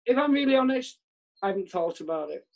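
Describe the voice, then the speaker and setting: A comedian appears as an interview guest over a video call, chatting candidly in a high, creaky, darkish voice with big pitch swings and a quick pace. He rambles, puts himself down, and trails off mid-sentence, all heard through a remote video call mic.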